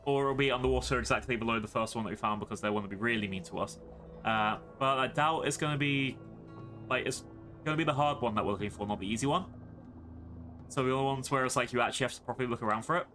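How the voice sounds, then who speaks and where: A man's voice: mid-range voice, bright, forceful tone. A British man streaming a game live, chatting playfully and rambling to his chat.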